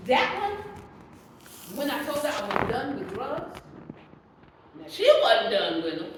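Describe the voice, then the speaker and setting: Animated woman leading a Bible study. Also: fairly high pitch. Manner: animated storytelling, acting out quoted voices. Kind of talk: testimony-style Bible teaching. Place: church hall. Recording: echoey room from a distance, with background noise.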